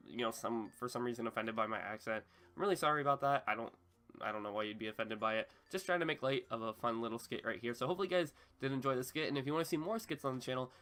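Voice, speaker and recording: A young man hosting a gaming channel, wrapping up the video with a casual outro that rushes along in upbeat, apologetic rambling. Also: medium pitch, fairly bright tone.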